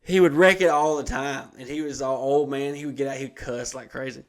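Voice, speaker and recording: A man's voice: medium pitch, fairly even intonation, fairly quick. A man, co-hosting a crude casual chat, profane and storytelling with a lot of laughter. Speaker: podcast co-host.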